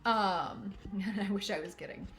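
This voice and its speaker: A woman's voice: medium pitch, a little slow, fairly bright tone. A woman hosting a crafting livestream, chatting casually and giggling while she sorts thread at home, talking to herself and her cat. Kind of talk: casual chat while working. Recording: echoey room, faint music.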